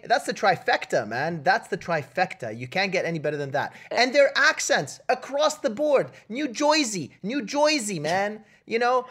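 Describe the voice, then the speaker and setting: A man co-hosting a comedy podcast where he argues movies with mock outrage. His pitch swings widely as he rants, and he keeps jabbing at the listener with "okay?" and "all right?". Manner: loud, mock-indignant, keeps tagging lines with "okay?". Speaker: podcast co-host.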